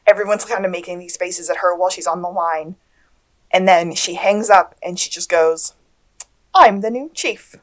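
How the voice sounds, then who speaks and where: A woman co-hosting a podcast, recapping a TV episode in casual chat and jumping up in pitch to quote characters. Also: moderate pace. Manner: expressive, swoops up for quoted lines. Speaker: podcast co-host.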